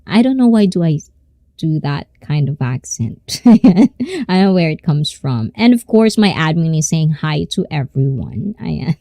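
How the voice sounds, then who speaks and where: A woman in her thirties with a Filipino accent, chatting on a live stream with a lot of giggling. Her voice is lowish and mellow, and her pitch swings widely as she drifts between Tagalog and English. She talks at an unhurried pace in a dry, close sound. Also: animated, no echo. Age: 30s. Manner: giggly, mixing Tagalog and English while reading chat. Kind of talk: casual live-stream chat.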